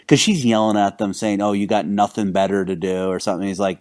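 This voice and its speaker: A man co-hosting a casual podcast, telling stories in a halting, rambling way with lots of fillers and restarts. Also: lowish voice, steady tone, a little mellow. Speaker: podcast co-host.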